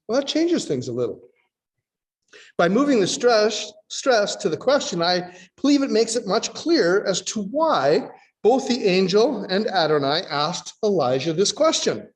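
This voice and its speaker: A man preaches in a fairly high voice that swoops up and down with a lot of expression. He reads scripture and acts out the people in it in a teaching tone. Long reverb from a worship hall carries each phrase. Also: sing-song, normal speed. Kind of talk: sermon.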